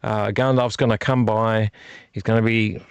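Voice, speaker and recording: Male vlog host, casual and goofy, repeats lines for fun; gravelly, dry close mic. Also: lowish voice, little pitch movement, normal speed, no room sound, lo-fi sound. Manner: playful, repeats phrases, silly wordplay. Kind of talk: casual rambling chat to camera. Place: home room with fire on a TV and a heater. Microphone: desk microphone.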